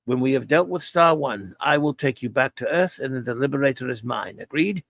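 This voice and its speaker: Guy putting on a cold snarly space rebel, low growly voice, dry sound. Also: animated, brisk, creaky, fairly bright tone, no room sound. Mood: cold, bitter.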